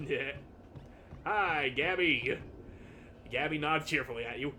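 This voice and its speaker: A man's voice: on the high side, slow, pauses often, bright, forceful tone, a little hiss or hum. A young man casually narrating a video game playthrough, playfully reading the game text aloud. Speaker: game streamer. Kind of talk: casual let's-play narration.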